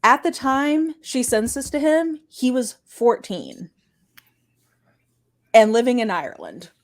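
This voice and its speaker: A woman co-hosting a podcast, recounting a story in a quick, chatty way with lots of filler words. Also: on the high side, big pitch swings. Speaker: podcast co-host. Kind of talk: casual storytelling chat.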